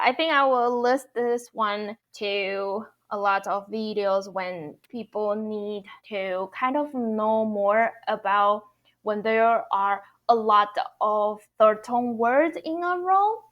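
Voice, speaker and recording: A woman's voice: medium pitch, fairly bright tone. A woman in her thirties with a Taiwanese Mandarin accent, explaining Mandarin tones in an online lesson and repeating each example patiently. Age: 30s. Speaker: Mandarin teacher.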